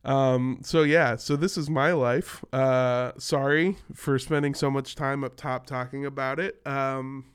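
A man's voice: mid-range voice, steady tone, a little slow, hardly any pauses, smooth, dry recording, studio quality. A man hosting a podcast while sick with a cough, talking in a rambling, self-mocking way and swearing freely. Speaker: podcast host. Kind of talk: casual podcast chat.

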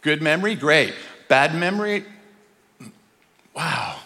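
A man's voice: on the high side, animated, slow pace, sharp tone, in a large hall. A man preaching a sermon in a church, emphatic and repetitive, asking the congregation rhetorical questions. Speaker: guest preacher.

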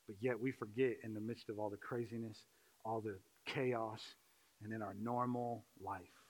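A man pastor preaching a sermon, shifting from quiet, slow reflection to loud, pleading intensity. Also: steady tone, low-quality recording. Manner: swings from quiet and slow to loud, high-pitched impassioned pleading.

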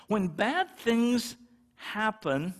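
Middle-aged guy preaching, kinda high voice, chatty, does little voices for the people in his stories. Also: sing-song, very slow. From California. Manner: conversational, acts out little quoted exchanges. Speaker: pastor. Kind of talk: sermon.

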